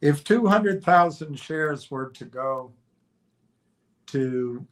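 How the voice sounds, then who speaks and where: A man hosting a livestream in a casual chat, reading out viewer comments with many fillers and trailing pauses. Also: on the high side, animated. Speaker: livestream host.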